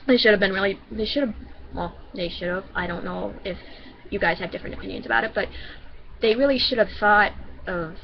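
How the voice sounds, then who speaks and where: A woman's voice: mid-range voice, fairly quick, vocal fry, muffled recording, a little hiss or hum. A woman vlogger from Michigan telling a personal story casually, rambling and often restarting her sentences.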